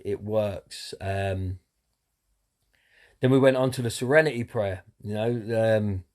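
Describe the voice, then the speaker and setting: A man's voice: mid-range voice, darkish tone. A man talking openly about his recovery, earnest and candid, with many fillers and some swearing. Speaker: person in recovery sharing his story. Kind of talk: personal talk to camera.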